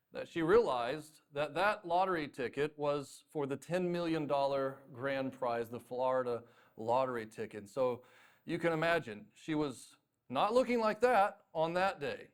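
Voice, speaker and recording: Animated pastor from North Carolina. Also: male voice, a little high. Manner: storytelling, self-deprecating, animated with mock voices. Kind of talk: sermon.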